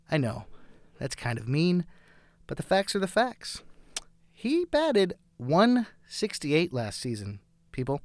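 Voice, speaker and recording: A man's voice: a little high, no room sound. A young adult man hosting a casual sports talk show, chatty and enthusiastic, rambling through his picks.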